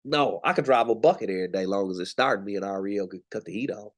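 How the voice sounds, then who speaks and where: A man's voice: on the low side, fast talker. A young man teaching scripture in a casual, slangy, emphatic way, from the United States. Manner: conversational, preachy, slangy and emphatic. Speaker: Bible teacher.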